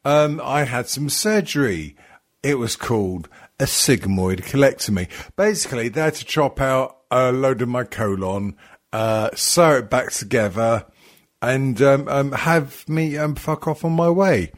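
A man's voice: medium pitch, expressive, unhurried. A man hosting a podcast, joking and swearing, tired, with lots of ums. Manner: swearing, joking, rambling with many fillers. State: tired and yawning. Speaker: podcast host. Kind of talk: crude casual podcast chat.

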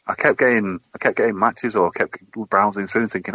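A man's voice: lowish voice, quick pace, pushed and bright, husky, dry recording. A man from England telling jokey, sweary stories in casual podcast banter. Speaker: podcast co-host. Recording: dull lo-fi sound.

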